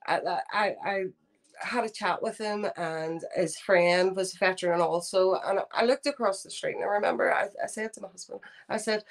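Hesitant Belfast woman, lowish voice. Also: normal speed. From Northern Ireland. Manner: earnest, hesitant, many ums and restarts. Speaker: guest. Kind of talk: remote interview.

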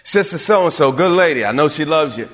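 A man's voice: fairly high pitch, animated, fairly quick, a bit bright. Preaching man in a reverberant church. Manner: preaching with rising emphasis, calls to the congregation. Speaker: pastor. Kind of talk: sermon. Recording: long reverb of a large hall.

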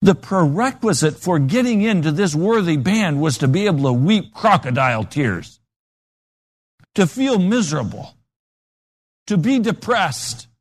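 Guy preaching a sermon, kinda high voice, really lively ups and downs, takes his time, acts out bits of his stories. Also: measured pace. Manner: animated storytelling with acted-out voices.

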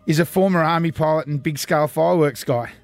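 A man's voice: a little high, fast, no room sound, soft background music. A man with an Australian accent co-hosting breakfast radio, joking and competitive. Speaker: radio co-host. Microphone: studio mic.

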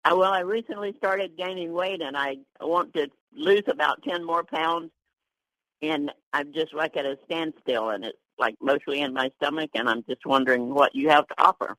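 Hesitant woman caller, bright voice. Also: sits low, moderate pace, no echo, low-quality recording. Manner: hesitant, with fillers like "like". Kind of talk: call-in radio question.

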